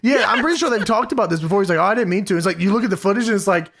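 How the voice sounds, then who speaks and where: A man's voice: high-pitched, lively intonation, very fast, a crowd in the background. A man co-hosting a podcast, recapping wrestling in casual chat, swearing, laughing and quoting wrestlers in put-on voices. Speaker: podcast co-host.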